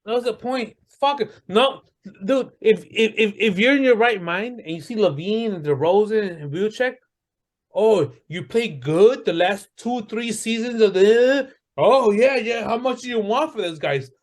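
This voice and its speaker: A man's voice: sits high, lively intonation, a little slow. A man co-hosting a casual sports podcast, ranting heatedly and swearing often. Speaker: podcast co-host.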